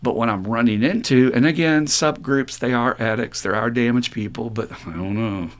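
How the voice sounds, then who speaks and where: A middle-aged man of middle pitch talks on a recovery podcast in a blunt, profane, animated way. He tells his stories with feeling and slips into higher, mocking voices when he quotes people. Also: normal speed. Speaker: podcast co-host. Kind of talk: casual podcast talk.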